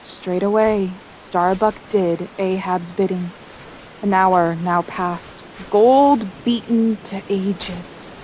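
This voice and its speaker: A woman narrating a theatrical audio drama, telling it dramatically and slowing down for suspense. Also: mid-range voice, darkish tone, a little hiss or hum, poor audio. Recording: music bed under the voice.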